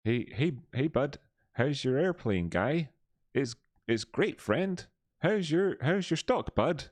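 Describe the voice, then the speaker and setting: A man's voice: fairly high pitch, very animated, slow, no room sound, studio quality, voice pushed up, exaggerated voice. A man voicing a pair of chummy cartoon Canadian men, sing-song and mock-friendly.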